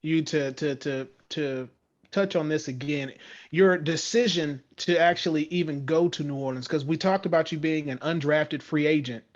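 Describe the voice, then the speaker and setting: A man hosting a podcast interview, asking his questions in a halting way with many restarts. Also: fairly high pitch. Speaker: podcast host. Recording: dull lo-fi audio.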